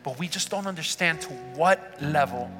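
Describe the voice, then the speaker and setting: Bright-voiced preacher in an echoing hall. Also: male voice, fairly high pitch, normal speed, soft background music. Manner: earnest, asks the congregation rhetorical questions. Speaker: pastor. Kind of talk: sermon. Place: church sanctuary.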